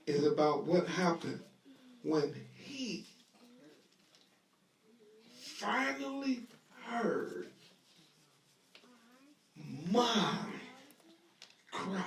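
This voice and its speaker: A man teaching a Bible lesson to a live audience in a lively sermon style, talking conversationally, acting out scenes, and leading call-and-response. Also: on the high side. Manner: conversational, acts out scenes with voices. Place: room at a live gathering. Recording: echoey live room audio, voice distant.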